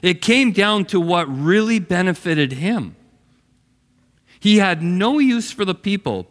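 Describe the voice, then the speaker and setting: A man's voice: sits high, expressive, slow pace. A man preaching a sermon as pastor, telling the story expressively and acting out its characters. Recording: long hall reverb.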